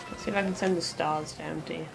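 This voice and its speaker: A woman co-hosting a casual let's-play, excitable, giggly and teasing as she chats over a game. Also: low-pitched, quick pace, vocal fry, over music. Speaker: co-host of a gaming channel.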